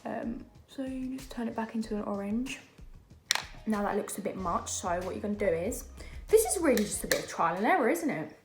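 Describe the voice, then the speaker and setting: A woman's voice: fairly high pitch, animated, a little fast, echoey room, over music. A young woman, chatting casually and rambling with lots of fillers while doing her makeup at home. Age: young adult. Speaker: beauty vlogger. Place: home during lockdown.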